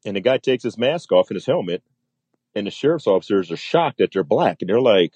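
A man's voice: medium pitch, expressive, moderate pace, darkish tone, breathy edge, no echo, muffled recording. A man, a military pilot, telling a story in a casual interview and acting out the voices of the people in it.

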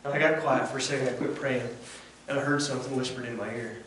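A man's voice: mid-range voice, steady tone, quick pace, a bit bright. Earnest plainspoken preacher man, echoey and distant. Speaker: lay preacher. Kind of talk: conversational devotional sermon. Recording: very echoey room from far off, faint background noise.

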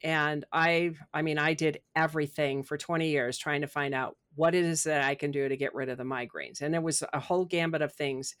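A woman's voice: low voice, fairly even intonation, brisk, hardly any pauses, fairly bright tone. A middle-aged woman, a podcast guest and author, talking casually and animatedly about spirit and personal growth, acting out her inner voice. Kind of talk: casual spiritual interview talk.

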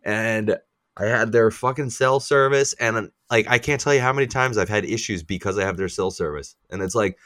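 A man with a low-pitched voice holding forth in casual podcast chat. He swears freely and rants with animated frustration. The sound is dry and close, with no room around it. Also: a little fast, dry recording. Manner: profane, ranting, animated complaints. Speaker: podcast co-host.

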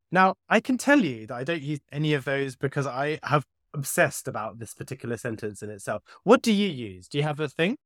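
A British woman co-hosting a podcast, telling stories in casual chat with quiet muttered asides. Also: a bass voice, a little fast, few pauses, dry recording, clean studio sound. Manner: animated storyteller, mutters asides. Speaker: podcast co-host.

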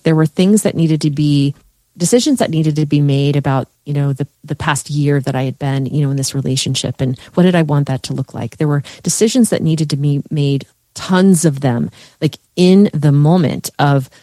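A woman's voice: sits low, mellow, no echo, studio quality. A woman coach talking in a heartfelt, rambling way, with many fillers and restarts, in a podcast conversation. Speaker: guest, coach. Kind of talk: emotional conversational podcast chat.

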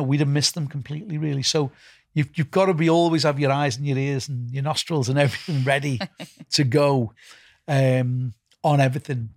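Gravelly middle-aged man with a Liverpool accent. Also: mid-range voice, dry recording, clean studio sound. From England. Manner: rambling, repeats words, many fillers. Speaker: festival founder and music executive. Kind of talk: casual interview answers.

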